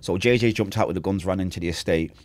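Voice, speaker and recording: Fast-talking Manchester man, low voice. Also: darkish tone, dry recording. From Manchester, England. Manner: vivid storyteller, acts out quotes and makes gunshot sounds; street slang, swears oaths. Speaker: podcast guest. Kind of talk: casual storytelling interview.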